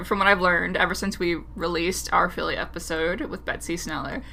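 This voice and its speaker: A woman's voice: fairly low pitch, fairly even intonation, moderate pace, gravelly, bright, forceful tone, slight background noise. A woman co-hosting a casual podcast chat, laughing often and talking in loose, hedging run-on sentences. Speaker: podcast co-host.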